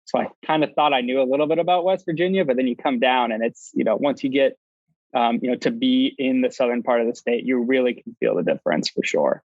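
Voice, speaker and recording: A man chatting as a panel guest, quick with fillers and restarts. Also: mid-range voice, dry recording, dull audio. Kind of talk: casual panel discussion.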